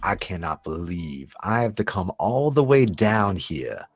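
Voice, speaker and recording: A man playing in a tabletop horror game, describing his character's actions in an animated, laughing, emphatic way. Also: lowish voice, unhurried, no room sound, faint music behind. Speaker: player.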